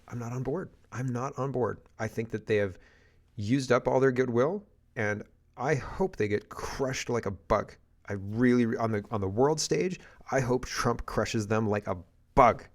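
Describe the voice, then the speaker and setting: A male political commentator from Canada, ranting in a loose, casual way. He sounds blunt and fed up and keeps breaking off mid-phrase to restart. His pitch is mid-range and ordinary for a man. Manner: blunt and exasperated, with restarts and sighs.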